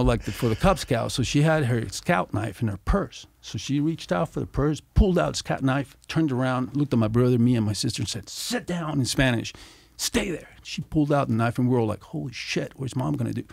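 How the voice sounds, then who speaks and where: A middle-aged man telling stories as a podcast guest, animated and swearing freely as he acts out what people said. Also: mid-range voice, gravelly, dry recording. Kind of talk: casual storytelling.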